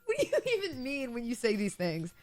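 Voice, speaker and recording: A woman's voice: fairly high pitch, wildly swooping pitch, fairly quick. Giggly woman streamer chatting. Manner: giggly, rambling, sarcastic. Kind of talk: casual live-stream chat.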